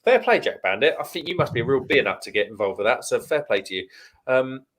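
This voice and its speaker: A man's voice: mid-range voice, animated, fast talker, a bit bright. A man hosting a live stream over beers, rattling through viewer comments in a chatty, matter-of-fact way. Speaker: livestream host reading viewer comments. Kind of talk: casual chat over beers.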